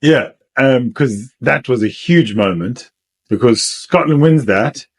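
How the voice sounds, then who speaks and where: A man co-hosting a podcast, talking in an easygoing, relaxed casual chat. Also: mid-range voice, slow pace, husky. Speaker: podcast co-host.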